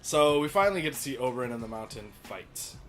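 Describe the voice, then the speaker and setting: A man's voice: medium pitch, expressive, fast, music in the background. A young man co-hosting a casual podcast, ranting and swearing hotly as he recaps a TV episode. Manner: heated, profane, ranting. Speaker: podcast co-host.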